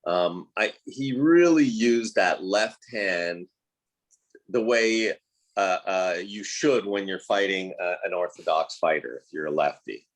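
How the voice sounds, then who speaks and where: Easygoing low-voiced man. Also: slow pace. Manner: easygoing, agreeable. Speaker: boxing podcast co-host. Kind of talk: casual sports chat.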